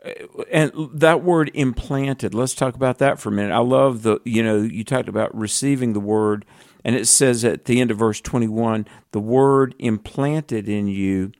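A man's voice: medium pitch, normal speed, darkish tone, dry recording, studio quality. A man co-hosting a conversational Bible teaching, earnest and reflective, quoting scripture as he talks. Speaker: co-host.

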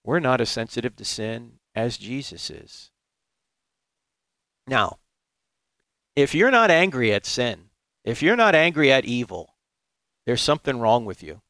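A man giving a preaching talk, emphatic and rhetorical, sometimes jumping into high mocking voices. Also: very animated, unhurried, pauses often, sharp tone, no echo. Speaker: apologetics speaker.

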